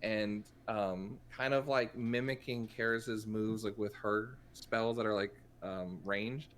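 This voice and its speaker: A man's voice: lowish voice, steady tone, slow. A man playing a tabletop role-playing game, talking casually and hesitantly with many ums and likes. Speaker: player.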